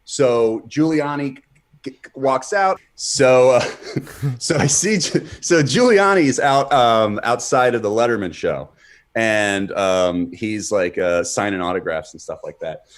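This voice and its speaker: A man's voice: mid-range voice, animated, unhurried. A man co-hosting a podcast, telling rambling, profane stories in casual chat, full of fillers and restarts. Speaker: podcast co-host. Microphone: streamed podcast mic.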